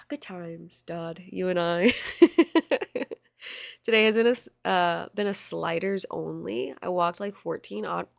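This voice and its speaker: A woman's voice: lowish voice, slow pace, vocal fry, no room sound, studio quality. A young woman streamer chatting casually and reading chat aloud, bubbly and swearing freely.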